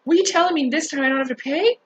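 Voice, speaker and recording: A woman telling a story in a casual rant to her viewers, animated, swearing and laughing as she talks. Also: high voice, rapid-fire, poor audio. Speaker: vlogger.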